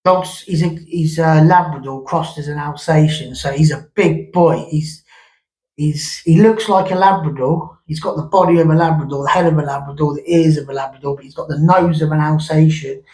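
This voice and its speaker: A man's voice: a little high, darkish tone, poor audio. A man telling a long ghost story from his past in a rambling, conversational way, with many restarts and asides. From England. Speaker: vlogger.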